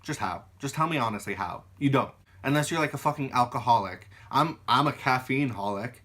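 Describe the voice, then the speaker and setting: A young man with a bright, forceful voice tells work stories in a loose, casual way. He is animated and swears freely, slipping into the voices of the people he argues with. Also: medium pitch, fairly quick. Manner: animated, swears freely, acts out quoted arguments. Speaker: YouTuber. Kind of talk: casual storytelling.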